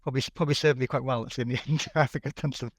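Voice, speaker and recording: A man's voice: medium pitch, steady tone, rapid-fire, breathy edge, no room sound. A man in his forties with a Welsh accent, answering interview questions as a guest, often repeating words as he talks. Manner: hesitant, repeats words, laughs lightly. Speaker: guest, technology executive. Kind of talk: casual interview.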